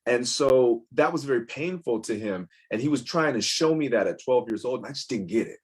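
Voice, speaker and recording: A man with a middle-pitched voice tells personal stories as an interview guest. He speaks candidly and rambles, circling back with restarts before landing his points. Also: expressive, a little fast, breathy edge. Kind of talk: casual interview storytelling.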